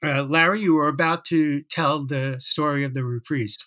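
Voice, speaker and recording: A theater producer hosting a relaxed interview, telling anecdotes and asking about the writing of songs. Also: mid-range voice, normal speed. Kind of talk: casual interview chat.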